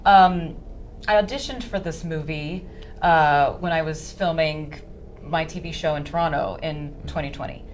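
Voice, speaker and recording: An actress telling an anecdote in an interview, animated and acting out the dialogue. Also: female voice, sits low, moderate pace, a little hiss or hum. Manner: animated storyteller, acts out dialogue.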